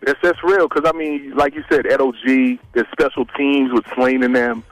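A man's voice: medium pitch, steady tone, normal speed, no room sound, soft background music, poor audio. A man from Massachusetts calling in as a podcast guest, talking in a laid-back way with lots of "you know". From Worcester, Massachusetts. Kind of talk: casual phone-in chat.

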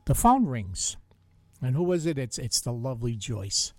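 A man's voice: mid-range voice, sing-song, normal speed, darkish tone, no room sound. An older man with a Bronx accent, hosting a radio show in casual, joking chat and telling stories with easy laughter. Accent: Bronx New York. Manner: chatty, joking storyteller who laughs easily. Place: radio studio.

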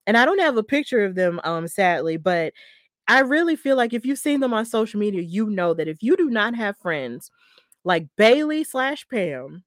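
A woman talks close to the mic in a dry, plain room, mid-pitched and chatty. She recaps a wrestling match the way she would tell a friend, excitable and quick to laugh. Her voice sits in an ordinary middle range. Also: dry recording. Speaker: podcast host.

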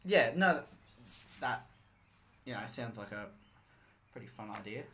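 A teenage boy co-hosting a casual podcast, with a bright, forward voice. He talks bluntly and teases his friend. He swears offhandedly and fills gaps with "um" and "like.". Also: mid-range voice, lively intonation, unhurried, slight background noise. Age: teens. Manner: chatty and blunt, teasing, swears casually, many fillers. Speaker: podcast co-host.

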